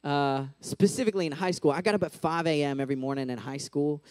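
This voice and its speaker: A man with a high, bright voice gives a relaxed, talkative sermon to young people. He speaks in an animated way and keeps tossing in "like" and "right?". The sound is dry and close, with no room echo. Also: fast talker. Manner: chatty, animated, full of "like" and "right?". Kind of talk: casual sermon.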